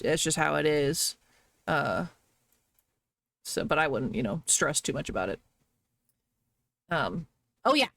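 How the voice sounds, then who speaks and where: A woman's voice: low-pitched, creaky, fairly bright tone, no echo. A woman streamer chatting casually, rambling and gushing over the little things she enjoyed. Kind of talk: casual chat on a live stream.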